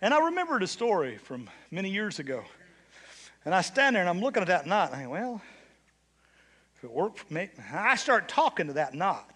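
An older man preaching in church, his voice pitched high for a man and bright in tone. He tells his stories with rising excitement, then drops low and quiet to drive the point home. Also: fairly quick, husky. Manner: storytelling preacher swinging between hushed and shouted. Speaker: bishop. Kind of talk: sermon.

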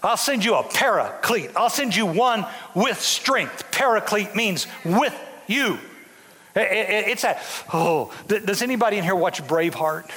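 A man in his sixties preaching a sermon as pastor, animated and full of restarts. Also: high-pitched, a little slow, long reverb tail. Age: 60s. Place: church sanctuary.

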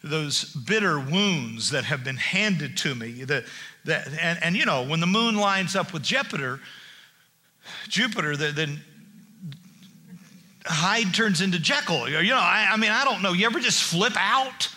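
Animated, bright-voiced preacher man. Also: sits high. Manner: animated, acts out Bible figures in quick asides; jokey and conversational, with many restarts. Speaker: pastor. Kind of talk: sermon.

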